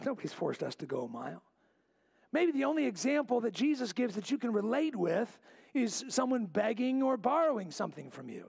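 A man preaching a sermon in a church, repeating key lines and dropping to a low, quiet voice to stress them. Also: vocal fry, husky. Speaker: pastor. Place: church sanctuary.

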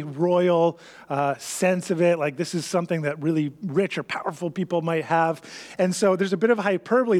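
Casting note: a Canadian male pastor who preaches casually, with a high voice and a lingering hall echo. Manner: conversational, acts out parable characters' thoughts. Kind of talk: sermon.

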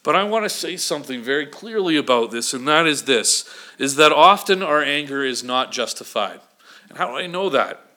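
Speaking at a moderate pace with lively intonation, this pastor has a bright, forceful voice on the high side. His sermon feels like conversation, peppered with "okay?" check-ins to the congregation.

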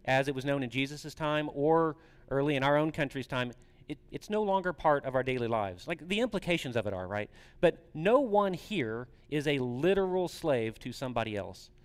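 A pastor preaching a conversational sermon, putting questions to the congregation. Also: male voice, medium pitch, smooth, long reverb tail.

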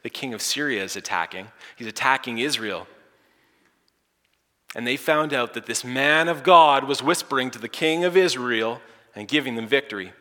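Bright-voiced dramatic preacher in an echoey hall. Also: male voice, mid-range voice, expressive, moderate pace. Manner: dramatic, swinging from hushed near-whispers to loud emphatic lines. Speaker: pastor. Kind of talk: sermon.

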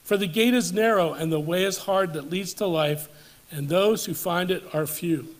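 A man preaching a sermon at a church service as pastor, measured and deliberate, slowing down and dropping low for emphasis and rising with force when he reads climactic scripture.

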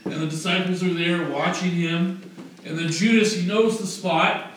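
A man's voice: sits high, fairly even intonation, moderate pace, a bit bright. A man preaching a conversational sermon, correcting himself as he goes and building to emphatic rhetorical questions. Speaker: pastor. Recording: very echoey room, distant mic, faint noise.

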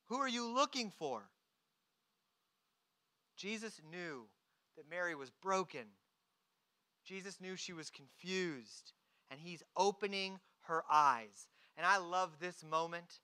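A preacher delivering a dramatic sermon, swinging between hushed, quiet moments and emphatic, rising lines. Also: mid-range voice, slow pace, clear, resonant tone.

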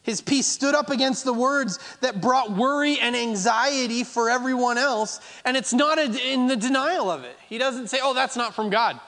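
High-voiced pastor preaching in a reverberant hall. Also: male voice, normal speed, hardly any pauses, sharp tone. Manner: emphatic, repeating phrases for effect. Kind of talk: sermon.

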